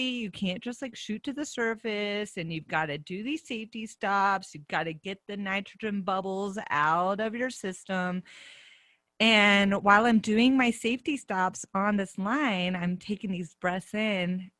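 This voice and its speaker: A young woman telling a personal story on stage, animated and often laughing. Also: mid-range voice, no room sound.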